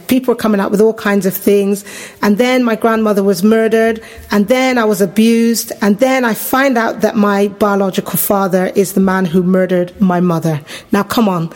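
Middle-aged English woman, podcast host, animated storyteller who jumps high when quoting others. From England. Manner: animated, acts out quoted voices with big pitch jumps. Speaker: podcast host sharing her testimony. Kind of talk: personal storytelling.

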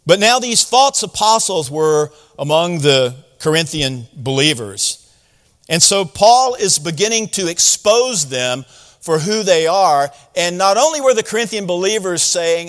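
Conversational preacher with a high voice. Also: male voice, lively intonation, measured pace, fairly bright tone, in a large hall. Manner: conversational preaching with paraphrased quotes and sarcasm. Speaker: pastor. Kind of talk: sermon.

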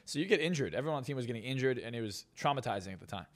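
Fast-talking boastful male hypnotist. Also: medium pitch, expressive. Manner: boastful, self-assured storytelling. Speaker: hypnotist and success coach, guest. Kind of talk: casual podcast interview.

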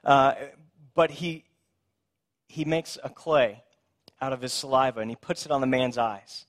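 A man preaching a sermon, telling the scripture story in a conversational, animated way and acting out the people in it. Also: mid-range voice, a little slow. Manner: conversational, asks "right?".

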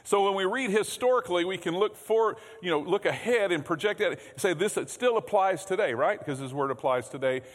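A man's voice: sits high, animated, brisk, few pauses. A man preaching a sermon as pastor in a church, conversational, often repeating words and asking the congregation questions. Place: church sanctuary. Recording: long hall reverb.

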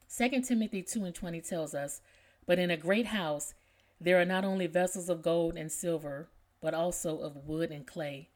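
A woman's voice: on the low side, normal speed. A woman podcast host and author speaking enthusiastically, then reading a poem aloud. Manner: enthusiastic, promotional.

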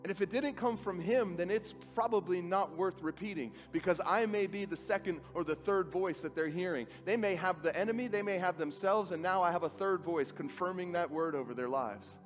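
A man preaching a sermon with an earnest, dramatic delivery, acting out quoted dialogue and dropping to a soft, quiet voice. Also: high-pitched, fairly quick, few pauses. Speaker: pastor. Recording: faint music behind.

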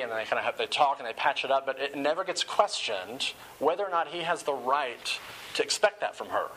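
A man's voice: medium pitch, fairly quick, pushed and bright, slight background noise, poor audio. A man giving a sermon-style talk, often repeating words as he starts phrases.

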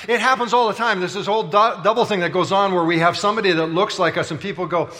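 A man's voice: sits high, fairly even intonation, fast talker, few pauses, pushed and bright. A man preaching a sermon as pastor, telling stories in a playful, conversational way and bantering with the congregation. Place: large church auditorium.

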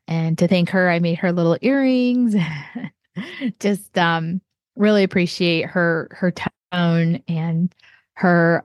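A woman artist from southeastern Ohio talking casually and warmly about what inspires her, rambling with many fillers and restarts. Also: on the low side, no echo, studio quality. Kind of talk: casual personal monologue.

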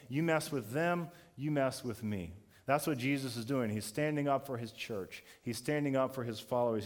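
A pastor giving a sermon, telling a story in a conversational way that builds to emphatic peaks. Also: male voice, mid-range voice.

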